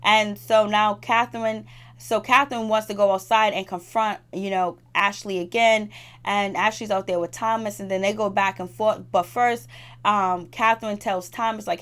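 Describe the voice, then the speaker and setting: A woman's voice: medium pitch, steady tone, moderate pace, fairly bright tone. A woman giving a casual, chatty recap of a reality TV episode, laughing often and acting out what the cast said. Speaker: TV show reviewer.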